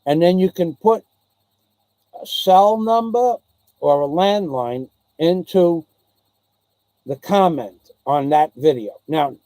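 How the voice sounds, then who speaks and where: Older new guy rambling on, kinda high voice, mellow tone, dry sound. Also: slow pace, long pauses, dry recording. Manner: rambling, repeats himself, mimics others' voices in anecdotes. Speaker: channel host. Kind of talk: rambling storytelling chat.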